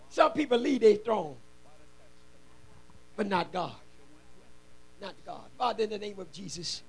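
Man, preacher, very high voice, raspy and husky, gravelly, shouted sermon, call-and-response, church. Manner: fervent, chanting and exhorting the congregation. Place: church sanctuary.

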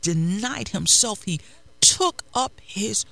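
A man preaches a sermon in a high, bright voice with a gravelly edge. He talks slowly and with emphasis, often repeating phrases. He adds prayerful asides between passages. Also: animated. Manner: prayerful asides while searching the text.

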